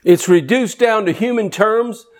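An older man preaching a sermon, fervent and building up to near shouting. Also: sits high, measured pace.

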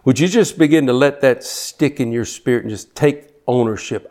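A man's voice: medium pitch, normal speed, darkish tone. A man preaching a fervent sermon who pushes hard, stumbles and restarts, and drives his points home through repetition.

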